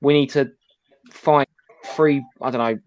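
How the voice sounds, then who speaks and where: A man's voice: medium pitch, steady tone, unhurried, darkish tone. A man chatting casually about toys in an easygoing, agreeable way. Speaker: toy stream co-host. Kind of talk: casual chat.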